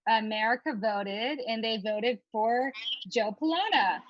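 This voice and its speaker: A woman's voice: fairly high pitch, expressive, a little slow, dry recording, highs cut off. Giggly woman hosting over a video call. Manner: upbeat, giggly, filler-heavy. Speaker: host. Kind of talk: hosting a live-streamed comedy debate.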